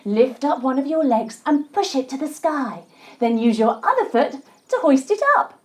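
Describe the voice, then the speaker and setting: A young woman teaching a storytelling yoga lesson for children, playful and animated, adding buzzing sound effects. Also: high voice, a little slow, husky. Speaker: kids' yoga instructor.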